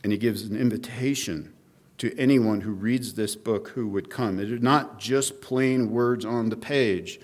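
A middle-aged male pastor preaching an expository sermon, reading scripture aloud and explaining it in a measured teaching manner, with frequent fillers and restarts. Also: fairly low pitch.

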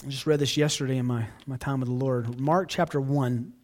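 With a steady tone in a mid-range voice, a male pastor preaches a little fast in an earnest, conversational manner. He speaks directly to those listening, shifting between soft, hushed passages and loud outbursts.

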